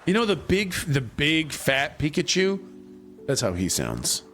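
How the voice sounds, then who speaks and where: A man's voice: a little high, a little slow, faint music behind. A man in his thirties chatting casually while he plays a game on stream, rambling and joking. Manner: animated, rambling, jokey.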